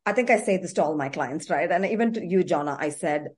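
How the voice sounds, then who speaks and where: A woman's voice: lowish voice, lively intonation, fast talker, a little mellow. A woman life coach hosting a podcast, explaining with emphatic conviction and affirming her guest. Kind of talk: conversational interview.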